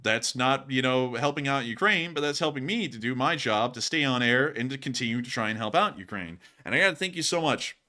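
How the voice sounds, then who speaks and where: A man's voice: mid-range voice, brisk, few pauses. A man hosting a livestream, chatting casually and jokingly as he reads out viewer donations. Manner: animated and jokey, lots of fillers. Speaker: livestream host.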